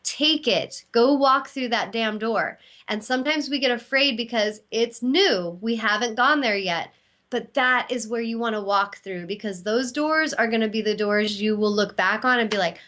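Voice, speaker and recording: A woman's voice: on the high side, normal speed, fairly bright tone. A middle-aged woman, host and intuitive healer, giving an earnest, encouraging self-help talk and acting out inner dialogue.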